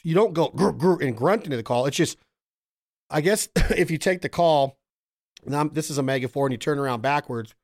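Man host, fairly high voice, keen casual talker who mimics sounds as he explains. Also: brisk. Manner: enthusiastic, imitates calls and singers mid-talk. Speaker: podcast host. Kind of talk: casual technical chat.

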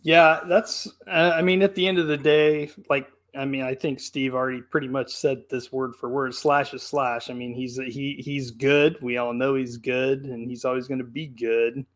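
A man co-hosting an album review, chatting in quick bursts and often restarting his sentences. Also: medium pitch, fairly even intonation. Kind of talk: casual chat.

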